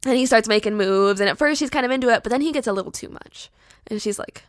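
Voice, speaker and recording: A young woman podcast host casually pitching a horror story, chatty and animated with lots of filler words. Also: fast, no echo, studio quality.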